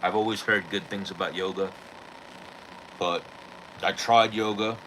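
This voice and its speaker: A man's voice: low-pitched, steady tone, unhurried, pushed and bright, slight background noise, low-quality recording. A man hosting a podcast, telling a story in casual, rambling chat full of swearing and "like". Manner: rambling, profane, heavy on "like". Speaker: podcast host.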